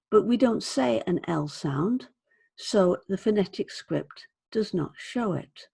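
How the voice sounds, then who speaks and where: Slow, gravelly British woman teacher. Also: mid-range voice, a little mellow. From Britain. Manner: deliberate, demonstrates sounds by repeating words. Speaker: English pronunciation teacher. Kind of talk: slow, careful pronunciation lesson.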